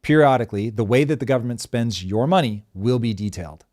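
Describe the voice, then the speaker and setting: A man's voice: mid-range voice, expressive, fast talker, darkish tone. Middle-aged guy host going off, emphatic and sarcastic, swears a bit. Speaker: show host. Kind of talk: animated commentary chat.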